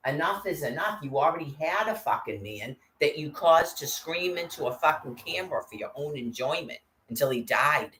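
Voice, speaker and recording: A woman's voice: sits low, expressive, normal speed, few pauses, sharp tone, a little hiss or hum. A woman in an agitated, profanity-filled angry monologue to camera. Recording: roomy echo.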